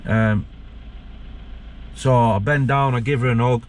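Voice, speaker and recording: A man, a former prisoner, telling his story with halting emotion and many restarts. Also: mid-range voice, steady tone, slight background noise. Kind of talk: candid personal storytelling.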